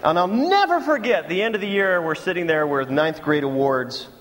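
A man's voice: high-pitched, normal speed, in a large hall, a little hiss or hum. A man preaching a sermon to his congregation, telling stories and acting out mocking voices. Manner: animated storytelling with mocking impressions. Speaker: pastor.

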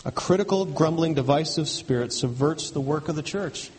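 Male pastor, high voice, emphatic repetitive sermon, long hall reverb. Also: moderate pace. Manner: emphatic, repetitive preaching with rhetorical questions.

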